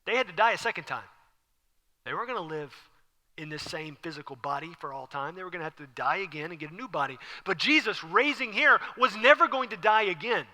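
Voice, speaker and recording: Man preaching, high bright voice, animated, long church reverb. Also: a little fast. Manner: animated, acts out scenes with whispers and exclamations. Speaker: pastor. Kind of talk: sermon. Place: church sanctuary.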